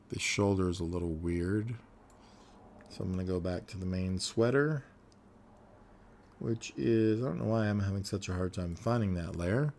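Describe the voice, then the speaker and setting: A man's voice: sits low, creaky, a little hiss or hum. A man narrating a casual animation tutorial, thinking aloud as he works, with frequent ums and uhs.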